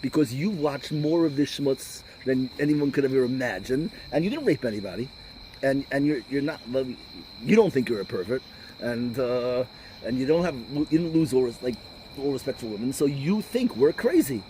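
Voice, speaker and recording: A middle-aged man, a rabbi, giving an informal talk full of stories, combative and animated, sprinkling in Yiddish and Hebrew words. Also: medium pitch, normal speed, slight background noise, low-quality recording. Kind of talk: informal lecture with storytelling.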